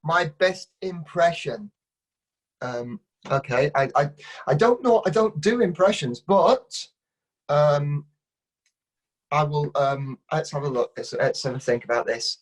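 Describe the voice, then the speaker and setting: A middle-aged man answers quick-fire questions with dry, playful wit. His voice is husky and he talks in a lively, swooping way. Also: a little high. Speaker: kids' entertainer and ventriloquist guest.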